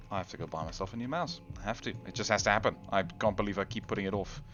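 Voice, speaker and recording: A man's voice: lowish voice, brisk, a bit bright, highs cut off, faint music behind. A man hosting his gaming channel, rambling in casual gameplay commentary, self-deprecating and talking straight to the viewer.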